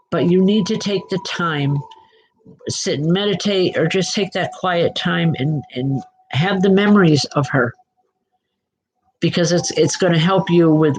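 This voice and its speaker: A woman's voice: lowish voice, slight background noise, rough recording. A woman hosting a show of live spiritual readings, reassuring viewers by name and often checking in with "okay?". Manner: frequent fillers and restarts, checks in with "okay?". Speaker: psychic medium host.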